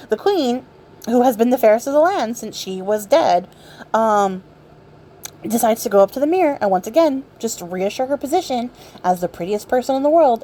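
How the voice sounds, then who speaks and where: A woman vlogger casually retelling a fairy tale, sarcastic and irreverent, swearing freely and filling pauses with ums. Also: medium pitch, a little mellow, a little hiss or hum. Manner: chatty, many ums and likes. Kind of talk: casual storytelling while crafting.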